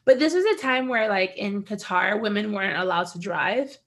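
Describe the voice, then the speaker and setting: A woman's voice: medium pitch, moderate pace. A young American woman on a casual podcast, telling a travel story with lots of laughter and acted-out quotes. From United States. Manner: animated storyteller, laughs often, acts out quotes. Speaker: podcast co-host. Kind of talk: casual chat.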